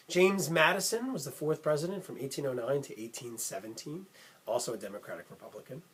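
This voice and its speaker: Man, husky, casual kids' lesson, upbeat, chatty host. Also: mid-range voice. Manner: upbeat, chatty, calls things cool. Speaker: music teacher and channel host.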